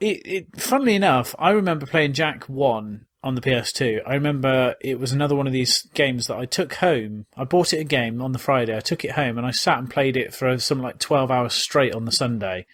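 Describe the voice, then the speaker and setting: A man's voice: medium pitch, fairly quick, hardly any pauses, fairly bright tone, dry recording. A man hosting a casual podcast, quizzing and teasing his co-hosts and laughing a lot. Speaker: podcast host. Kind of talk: casual chat.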